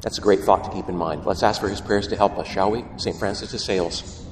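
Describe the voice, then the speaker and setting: A man, a priest, giving a lively homily to young people and asking them questions. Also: low voice, fairly quick, noisy background. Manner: animated, asks the listeners questions. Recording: roomy hall echo from far off.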